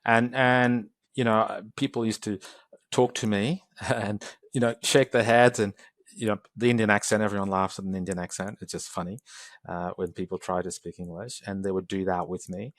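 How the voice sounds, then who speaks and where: Low-voiced man telling stories animatedly. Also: normal speed, no room sound, studio quality. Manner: animated storytelling, acts out quoted exchanges. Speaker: guest. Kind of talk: podcast interview.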